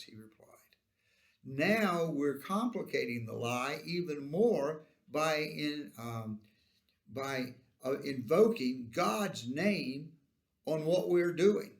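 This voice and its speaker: Man, Sunday school teacher, unhurried delivery, gravelly fry, explanatory. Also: fairly high pitch, animated. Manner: explanatory, reads verses with emphasis. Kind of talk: Bible lesson.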